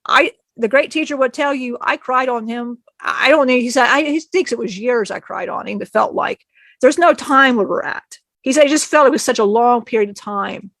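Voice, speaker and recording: A woman's voice: on the high side, normal speed, a bit bright, no echo. A woman channeling a spirit, telling an emotional personal story in a rambling way, often acting out what others said and laughing.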